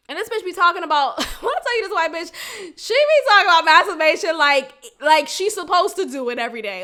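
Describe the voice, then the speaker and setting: A woman's voice: very high-pitched, animated, brisk, bright, forceful tone. A woman hosting a podcast in a frank, profane casual monologue, often laughing as she talks. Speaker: podcast host.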